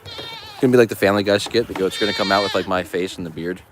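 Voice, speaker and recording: A man's voice: deep voice, steady tone, fast, background noise. A man vlogging on his farm in crude, profane, joking casual chat. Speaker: farmer vlogger. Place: farm, outdoors with goats.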